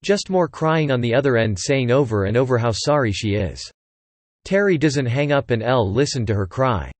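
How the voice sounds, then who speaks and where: A man narrating a first-person story in a steady, plain voice, retelling the dialogue as he goes. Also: medium pitch, normal speed, no room sound.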